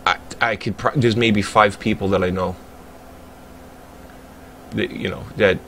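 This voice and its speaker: A man's voice: fairly low pitch, fairly even intonation, unhurried, fairly bright tone, a little hiss or hum. A man, a livestreamer ranting in a heated, profane, rambling way during casual chat. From Staten Island, New York.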